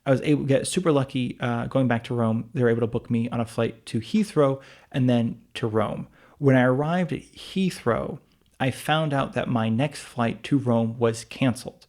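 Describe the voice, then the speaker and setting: A man's voice: mid-range voice, normal speed, a little mellow. A man co-hosting a casual podcast chat, telling a long rambling story full of restarts and asides. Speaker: podcast co-host.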